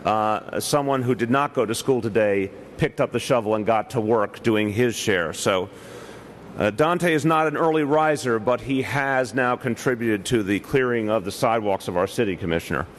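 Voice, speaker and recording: A man in his fifties with a New York accent delivers an official press briefing in a measured, deliberate way, often pausing on "uh" between points. His pitch sits in the middle of the male range. A faint ambience hangs in the background. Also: slight background noise. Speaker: mayor giving a press briefing.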